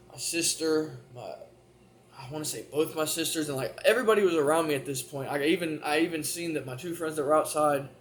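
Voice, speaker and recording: A man tells a personal story to camera in a loose, rambling way, swearing and restarting his sentences. His voice sits at an ordinary middle pitch, with a faint hum of noise behind it. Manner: rambling, profane, full of restarts. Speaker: vlogger.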